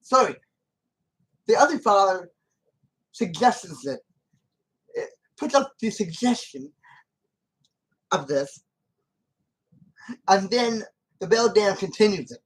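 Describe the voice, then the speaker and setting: Over a rough recording, a channel host with an expressive, medium-pitched voice talks slowly with long pauses while commenting casually on a film scene. The delivery is rambling and repetitive, full of false starts and restarts, and becomes emphatic when disputing the character.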